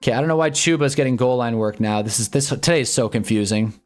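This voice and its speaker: A young man casually reacting to live football games on a stream, swinging from low muttering to excited yelling at big plays. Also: fast talker, faint music behind. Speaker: sports streamer. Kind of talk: live football watch-along commentary. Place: home streaming room with green screen.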